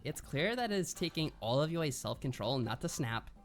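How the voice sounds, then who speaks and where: A man reads visual novel narration aloud on a live stream and muses on it. His mid-pitched voice moves up and down a great deal. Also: big pitch swings, normal speed, soft background music. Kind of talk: reading narration and casual commentary.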